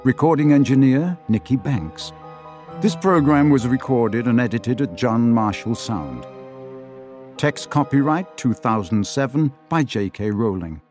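A man narrating an audiobook in a measured, expressive storytelling manner, recorded close in a studio. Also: medium pitch, soft background music. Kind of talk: scripted narration. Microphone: close studio mic.

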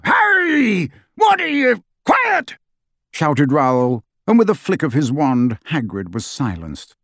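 A man narrating an audiobook in a measured, dramatic reading. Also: mid-range voice, warm tone, no echo, clean studio sound. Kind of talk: scripted narration.

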